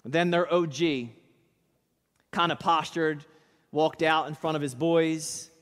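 A man's voice: a little high, fairly even intonation, takes it slowly, fairly bright tone. A male pastor preaching a sermon in church, telling a story with dramatic, emphatic delivery. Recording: reverberant church hall.

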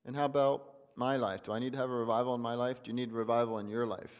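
Man, folksy sermon, rhetorical questions, middle-pitched voice, long church-hall reverb. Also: fairly even intonation, fast talker, clear, resonant tone. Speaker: pastor.

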